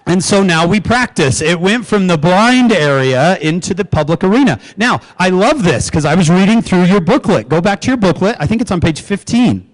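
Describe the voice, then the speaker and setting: A middle-aged man giving a humorous keynote speech to educators, joking and quizzing the audience with quick questions. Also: sits high, expressive, poor audio. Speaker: keynote speaker.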